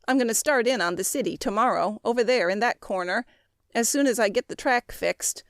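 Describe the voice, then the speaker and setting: A woman's voice: on the high side, no echo, clean studio sound. A woman reading aloud, voicing a proud five-year-old boy who chatters eagerly about his toys.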